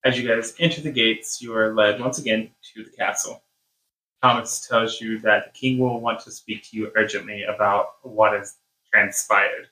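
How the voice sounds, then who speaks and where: A man's voice: on the low side, fairly even intonation, moderate pace, bright, forceful tone. A man narrating as game master in an easygoing way, explaining rules and setting scenes. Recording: echoey room.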